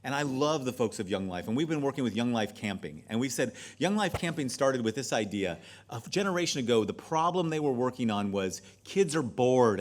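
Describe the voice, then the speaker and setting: A middle-aged man, a pastor and leadership speaker, giving a seminar talk with lively storytelling and occasional drops to a soft, near-whispered delivery. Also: medium pitch. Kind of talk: seminar talk with acted-out stories.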